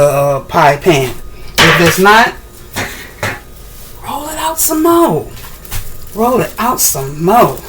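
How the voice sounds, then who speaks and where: A woman chatting casually while demonstrating a recipe in her home kitchen, rambling, with sudden excited bursts. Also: on the low side, slight background noise. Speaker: cooking vlogger.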